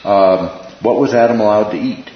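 A man with a lowish voice teaching a relaxed Bible study, often stopping to ask "right?" and repeating key phrases. He is recorded in an echoey room with dull, lo-fi sound and a faint hiss behind him. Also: moderate pace. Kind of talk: informal Bible class teaching.

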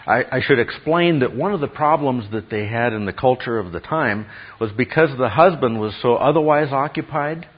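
A man preaching a sermon in an emphatic way, often checking in with his listeners with a quick "okay?" between points. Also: medium pitch, expressive, breathy edge, dull audio. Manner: emphatic, with acted quotes and frequent "okay?".

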